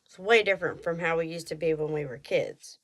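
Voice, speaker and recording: A woman in her late thirties from Texas with a thick Texan accent, chatting casually and rambling as a podcast host. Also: low voice. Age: 30s. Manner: rambling, self-deprecating, quick asides and mock voices. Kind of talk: casual chat.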